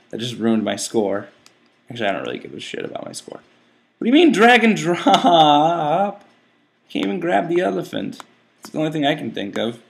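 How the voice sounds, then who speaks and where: A young man giving casual let's-play commentary, excitable and easily frustrated, talking back at the game and to his viewers. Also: mid-range voice. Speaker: gaming channel host.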